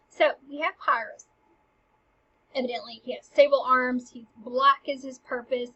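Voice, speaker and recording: A woman's voice: high voice, fairly even intonation, normal speed, pushed and bright, slightly rough, dull audio. A woman teaching, casually walking through a play scene by scene in a chatty, eager way. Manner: chatty and eager, retells lines with "he's like".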